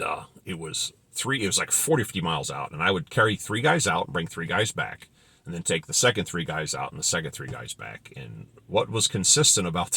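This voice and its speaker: A man's voice: deep voice, pushed and bright, breathy edge, no echo. A middle-aged man telling rambling, wry anecdotes about his work as a pilot in a casual monologue. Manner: wry, rambling, digressive storytelling. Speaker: former pilot telling stories.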